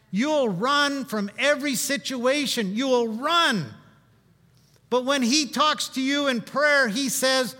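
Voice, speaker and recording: A man preaching a sermon in a conversational, humorous way, swinging between loud and hushed. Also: very high voice, long reverb tail.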